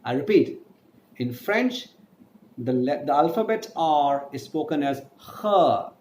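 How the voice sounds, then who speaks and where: A man's voice: a little high, expressive, unhurried, a little mellow, a little hiss or hum. Indian man teaching French, echoey room. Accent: Indian English. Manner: repeats key points and spells words letter by letter. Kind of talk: online language lesson.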